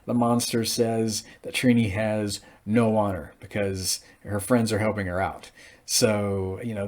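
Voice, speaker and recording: Low-voiced man recapping a TV episode. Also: a little mellow. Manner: rambling, halting, with frequent fillers. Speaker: TV episode reviewer. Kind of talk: casual recap monologue.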